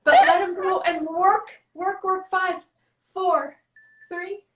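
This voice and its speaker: A female fitness coach, out of breath, guides someone through an arm workout with brisk, encouraging step-by-step cues. Her high voice rings in an echoey room and stays fairly even in intonation, and the recording is very noisy.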